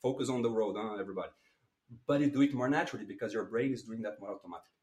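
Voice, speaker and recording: A man being interviewed as a public speaking coach, talking in a lively way with big swings in voice and some non-native phrasing. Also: on the low side, rapid-fire. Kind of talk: animated interview talk. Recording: roomy echo.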